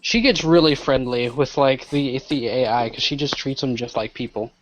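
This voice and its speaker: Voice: medium pitch, moderate pace, slight background noise. A player in a tabletop game, talking in a friendly, easygoing way. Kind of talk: in-character tabletop play. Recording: dull lo-fi mic.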